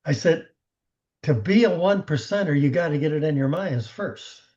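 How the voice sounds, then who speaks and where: Guy coaching his team, kinda high voice, muffled lo-fi call audio, acts out what people said. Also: moderate pace. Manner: animated storyteller who acts out quoted conversations. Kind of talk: motivational coaching talk.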